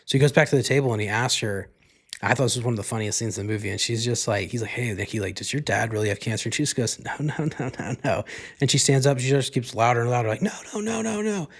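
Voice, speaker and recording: Fast-talking man, rambling movie recap. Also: medium pitch. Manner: rambling, fillers like "like" throughout, casual swearing. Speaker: podcast host.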